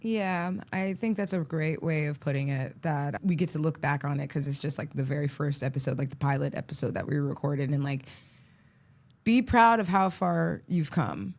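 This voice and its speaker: A woman's voice: deep voice, normal speed, a little mellow. A woman co-hosting a podcast, talking in an encouraging, playful way about gratitude. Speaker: podcast co-host. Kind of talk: casual podcast chat.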